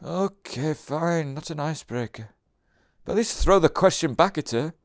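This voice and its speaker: Man doing a blunt warrior, breathy, teasing, higher male voice, dry close sound, comedy sketch. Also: animated, moderate pace, no echo. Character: boastful burly male warrior, blunt and pushy.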